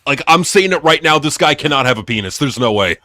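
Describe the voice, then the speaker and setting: A man's voice: fairly high pitch, expressive, fast, bright, forceful tone, dry recording, studio quality. A man co-hosting a wrestling news podcast, sneering, swearing and laughing while he mocks the subjects. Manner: profane, sneering, laughs often. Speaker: podcast co-host. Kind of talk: crude casual news chat.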